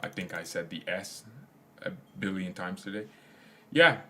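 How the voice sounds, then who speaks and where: Rambling young man with a lowish voice. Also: lively intonation, a little slow, sharp tone. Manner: rambling, laughs often, slangy. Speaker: fan channel host. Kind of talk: casual livestream chat reading comments.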